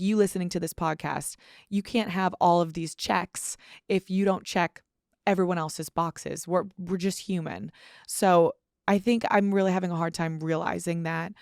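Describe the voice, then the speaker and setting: Girl in her 20s rambling on her podcast, kinda low voice, lots of "like", swears, dead dry sound. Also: fairly even intonation, normal speed, a little mellow, no room sound. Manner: candid, swears freely, heavy use of "like". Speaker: podcast host. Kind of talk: casual solo podcast monologue.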